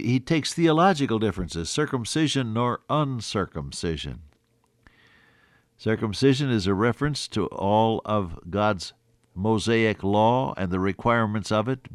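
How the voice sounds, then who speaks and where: An older man preaching a sermon, teaching slowly and deliberately from a Bible passage, with frequent hesitant restarts. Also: fairly low pitch, no room sound, studio quality.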